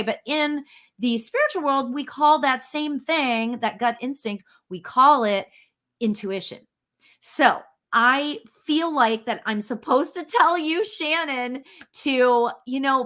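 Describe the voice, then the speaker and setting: A woman's voice: fairly high pitch, fairly bright tone. A woman hosting a weekly spiritual talk show, chatting casually and often exclaiming with enthusiasm. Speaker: host.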